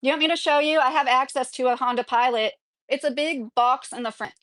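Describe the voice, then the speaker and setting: A woman's voice: high-pitched, fairly even intonation, a little fast, a bit bright, no room sound, clean studio sound. A woman in her thirties from Kentucky, talking at home in a rambling, opinionated livestream chat and reading viewer comments aloud. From Kentucky, USA. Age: 30s. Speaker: vlogger.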